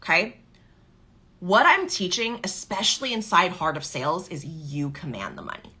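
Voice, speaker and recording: A woman's voice: on the low side, expressive, moderate pace, pushed and bright, breathy edge. A woman giving a motivational coaching talk on sales and money, emphatic and fond of acting out inner doubts in quoted voices.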